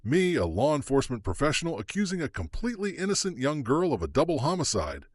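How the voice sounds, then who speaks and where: A man voicing a gentle, concerned detective. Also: fairly high pitch, big pitch swings, fast, breathy edge, dry recording, studio quality, pitched above the performer's own voice. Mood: rueful. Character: middle-aged male detective, gentle and concerned.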